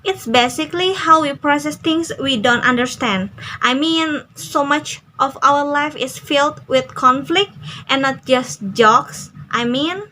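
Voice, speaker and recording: A young woman reads a radio interview script aloud at an unhurried pace. Her voice sits high and bright, with a faint hiss behind it. She reads carefully, with small slips and restarts. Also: poor audio. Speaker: student. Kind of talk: reading an interview transcript aloud.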